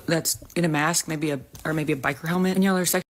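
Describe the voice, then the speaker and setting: Low-voiced woman scolding earnestly. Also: fairly even intonation, quick pace. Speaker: short-video creator. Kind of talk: casual social media commentary.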